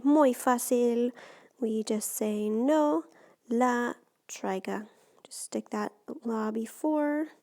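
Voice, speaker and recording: A woman's voice: a little high, vocal fry, warm tone. A woman teacher explaining Spanish grammar step by step in a patient, recorded lesson.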